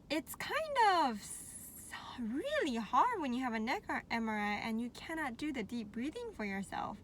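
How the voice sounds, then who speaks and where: A woman vlogging casually to her viewers, chatty and animated, laughing often and a little out of breath. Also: high-pitched, a little hiss or hum. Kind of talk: casual talk to camera.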